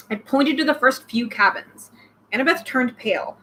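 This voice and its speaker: A young woman reading a novel aloud, breaking off with excited comments about the myths. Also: high-pitched, moderate pace, a little hiss or hum, rough recording. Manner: excited outbursts between read passages. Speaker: reader, channel host.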